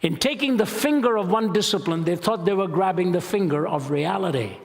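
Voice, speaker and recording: A man's voice: high voice, animated, a little fast. A man giving a public lecture, reciting passages with dramatic, building intensity. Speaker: Christian apologist speaker. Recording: long reverb of a large hall.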